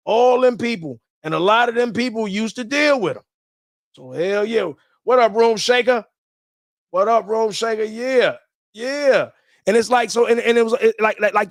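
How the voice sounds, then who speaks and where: High-voiced man ranting profanely. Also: gravelly, fairly bright tone, dry recording, clean studio sound. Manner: profane, rambling, repeats words when starting sentences; chuckles often while talking. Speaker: livestream host. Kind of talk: casual livestream rant.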